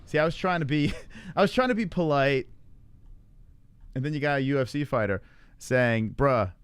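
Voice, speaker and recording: A man's voice: fairly high pitch, moderate pace, clean tone, no room sound. A man hosting a casual live stream, reading viewer comments and rambling loosely with lots of fillers and swearing. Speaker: livestream MMA show host. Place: home in Arizona.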